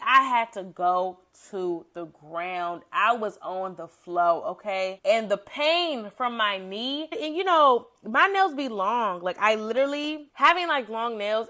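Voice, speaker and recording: A woman's voice: fairly high pitch, sharp tone. A young woman podcast host telling a story in a casual, slangy way, acting out quotes with big jumps in her voice.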